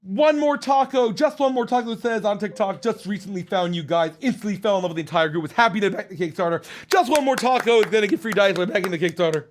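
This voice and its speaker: A man hosting a live stream, reading out chat comments with loud excitement and casual swearing. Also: quick pace, few pauses, slight background noise. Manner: excited, swears casually, swings from loud hype to low mumbles. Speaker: livestream host.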